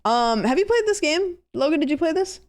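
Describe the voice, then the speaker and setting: A woman's voice: sits high, expressive, fairly quick. A young adult woman streaming a horror game, joking casually and reading the game text aloud. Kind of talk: casual gameplay commentary.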